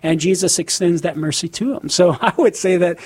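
Husky, articulate male guest speaker. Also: high voice, darkish tone. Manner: measured, articulate, explanatory. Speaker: guest apologist. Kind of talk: explaining doctrine.

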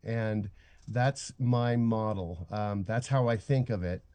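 Older male radio guest, mellow tone, dry studio sound, earnest and halting. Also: lowish voice, fairly even intonation, dry recording. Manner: earnest, reflective, stop-start. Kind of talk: radio interview.

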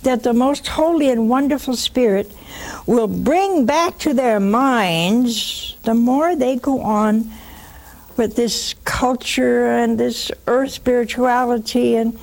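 Older woman, call-in host; emphatic, scolding, higher-pitched. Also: creaky. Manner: emphatic, scolding, mocking then hushed. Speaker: host of a religious call-in show. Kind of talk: call-in talk, preaching.

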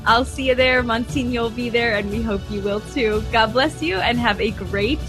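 A woman's voice: fairly high pitch, moderate pace, over music. A woman hosting a radio show, friendly and upbeat, thanking her guest and signing off with an occasional filler word. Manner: bright, friendly, with filler words.

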